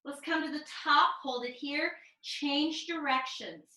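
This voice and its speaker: A woman leads a mat pilates class over a video call, her voice bright and fairly high. She cues each move and breath in a calm, step-by-step way, and the sound comes through a roomy, echoey space. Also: unhurried. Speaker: pilates instructor. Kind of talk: cueing a live online mat class.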